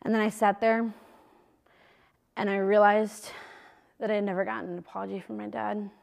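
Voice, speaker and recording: Young woman, missionary speaker, faith talk to a group, casual and emphatic, some vocal fry. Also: mid-range voice, flat delivery, moderate pace, a little mellow. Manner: conversational and emphatic, speaks straight to listeners.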